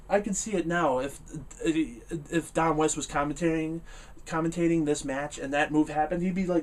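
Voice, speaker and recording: A man talks through a wrestling show in a loose, rambling way, full of "uh" fillers and quick laughs. His voice sits a little high for a man and a little back from the mic. When something annoys him he gets loud and animated. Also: far from the mic. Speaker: wrestling reviewer. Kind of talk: casual spoken review.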